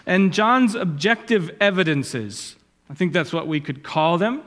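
A man preaching a sermon, swelling loud and high when he quotes Scripture and dropping low and quiet on asides. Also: expressive, moderate pace. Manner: rises in pitch and volume when quoting Scripture, drops low on asides. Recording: long hall reverb.

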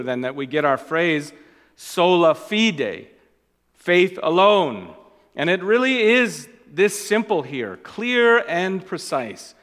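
A man preaching a sermon as pastor. He stresses and repeats key phrases, and his voice swings between loud and quiet. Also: a little high, big-room sound.

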